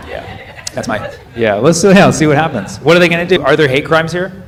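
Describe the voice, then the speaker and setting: A man from the United States doing stand-up crowd work, questioning the audience in a quick, playful way. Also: on the high side, lively intonation. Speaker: stand-up comedian. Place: comedy club with a live audience. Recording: live stage recording with crowd noise.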